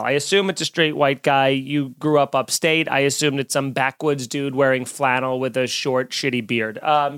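A man hosting a comedy podcast, ranting in an animated, profane, mock-outraged way. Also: a little high, clear, resonant tone. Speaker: podcast host.

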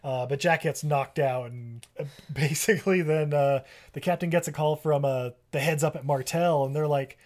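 A man's voice: a little high, steady tone, moderate pace, a little mellow. A man co-hosting a podcast, rambling and laughing through a casual, comedic movie recap. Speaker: podcast co-host.

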